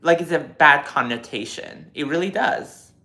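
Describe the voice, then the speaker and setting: A man in his twenties on a casual live stream, reading viewer comments and answering them in an animated, lecturing way with lots of fillers. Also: a little high, normal speed. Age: 20s.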